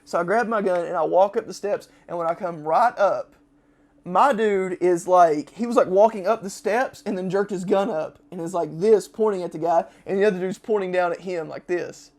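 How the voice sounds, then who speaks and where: A man, a podcast host, telling a long story casually and acting out the quotes with sudden shouts. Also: high voice, moderate pace. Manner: animated, acts out quotes with loud shouts.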